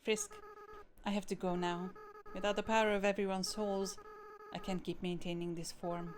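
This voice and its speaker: A woman voicing a remorseful young goat monster boy, reading the game's dialogue softly and haltingly. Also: medium pitch, animated, lightly acted. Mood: tender farewell. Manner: soft, earnest, halting reading. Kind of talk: game dialogue read aloud. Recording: game music underneath. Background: game music.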